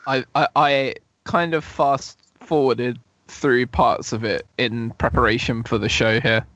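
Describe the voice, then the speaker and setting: A mid-pitched man chatting as a podcast guest from a remote line. He is wry and drops casual swears, with a dry, close sound. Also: steady tone, measured pace, a bit bright, no echo.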